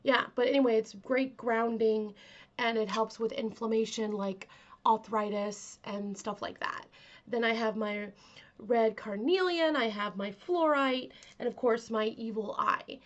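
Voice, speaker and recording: Stuffy-nosed woman chatting softly to camera. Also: fairly high pitch, a little slow, lo-fi sound. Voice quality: aims to sound calming and kind. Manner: chatty, soft, filler-heavy. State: stuffy nose from a cold. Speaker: vlog host. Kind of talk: casual chat to camera.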